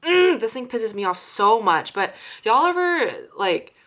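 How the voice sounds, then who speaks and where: A woman's voice: a little high, very animated, unhurried, a bit bright. A young woman who works as a restaurant server, ranting casually with lots of swearing and fillers. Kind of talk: casual chat.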